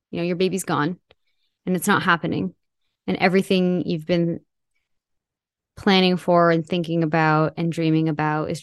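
A woman telling a personal story as an interview guest, reflective and halting, often restarting her sentences. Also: low voice, no room sound, clean studio sound.

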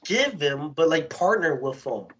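A man co-hosting a podcast, chatting casually in an animated, slangy way with lots of swearing. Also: a little high, measured pace, highs cut off. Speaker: podcast co-host. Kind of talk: casual chat.

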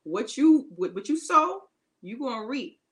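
A woman's voice: sits high, sing-song, a little slow, rough recording. A woman co-hosting a faith-based podcast, giving emphatic encouragement in casual talk and repeating her key phrases. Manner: informal, casual grammar. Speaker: podcast co-host.

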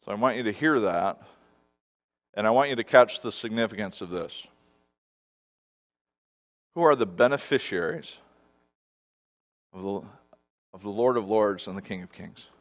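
A pastor in middle age gives a sermon at a moderate pace, leaving long pauses. His delivery swings from soft and low to loud and emphatic, and he asks the congregation questions again and again.

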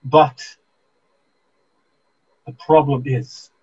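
Halting man running a tabletop game. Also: medium pitch, level tone, husky, highs cut off. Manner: hesitant, lots of ums and restarts, laughs often. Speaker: game master.

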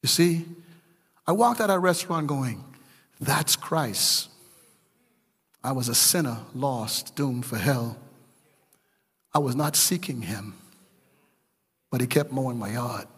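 A man's voice: mid-range voice, lively intonation, slow pace, long pauses, a bit bright, in a large hall. A man preaching a sermon as a pastor, with emphatic delivery and a storytelling manner. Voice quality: gravelly, husky.

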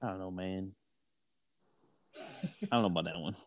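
A man co-hosting a radio show, trading deadpan jokes in casual banter. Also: sits low, moderate pace. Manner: dry, deadpan humor. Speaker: radio co-host.

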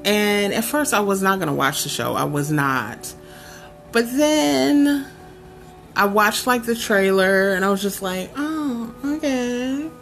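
A woman hosting a podcast, reviewing a show in a sassy, sarcastic, chatty way with lively asides. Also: medium pitch, measured pace, vocal fry, soft background music. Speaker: podcast host.

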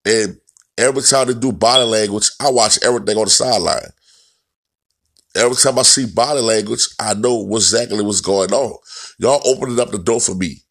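A man's voice: lowish voice, a little fast, fairly bright tone. A man ranting bluntly and profanely about football, repeating himself as he goes. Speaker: football commentator. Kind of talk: profane sports rant.

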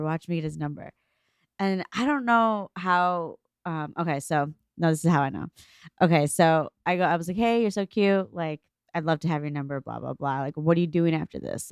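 Young woman telling a story, lively and swearing. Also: smooth, dry recording, studio quality. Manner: animated storyteller, acts out quotes with big pitch jumps, swears freely. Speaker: podcast co-host. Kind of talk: casual chat.

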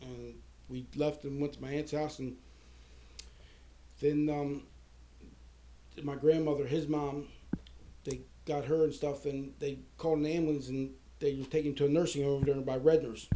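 Man, high register, casual swear-heavy anecdote, acts out the people in it. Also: level tone, normal speed, pauses often, mellow, slight background noise. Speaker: storyteller.

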